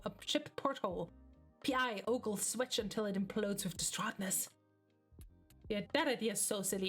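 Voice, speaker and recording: Woman streamer, mid-pitch voice, casual webcomic read-aloud with laughing, swearing asides, faint music underneath. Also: a bit bright. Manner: reads in a measured voice, breaks into laughing, swearing reactions. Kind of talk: casual live reading of a webcomic.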